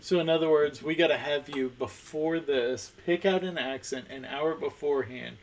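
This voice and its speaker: A man's voice: a little high, normal speed. A man co-hosting a casual live stream chat, answering with dry, teasing banter.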